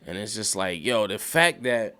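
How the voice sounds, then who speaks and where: A young man talks through a TV episode in a loose, profane, rambling rant. His voice sits low and comes across smooth and clean. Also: moderate pace. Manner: rambling, profane, animated storytelling with acted quotes. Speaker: YouTube show recapper. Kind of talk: casual recap rant.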